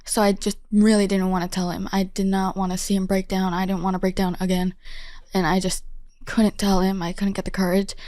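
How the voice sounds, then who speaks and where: Teenage girl, interview guest, mellow tone, dry close sound, casual, lots of "like". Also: mid-range voice, level tone, fairly quick, no room sound. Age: late teens. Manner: casual, says "like" often, self-mocking.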